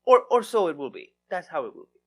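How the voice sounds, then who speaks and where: A man's voice: big pitch swings, slow, pushed and bright, exaggerated voice. A man imitating a pushy, towering contractor. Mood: ominous. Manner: broken, ominous sales pitch. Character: pushy, towering male contractor who bullies customers.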